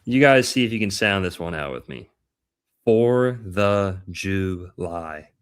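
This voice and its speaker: A man's voice: fairly low pitch, big pitch swings, quick pace, a bit bright. A man hosting a casual podcast chat about astrology, playful and punning, stretching out words for emphasis. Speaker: podcast host.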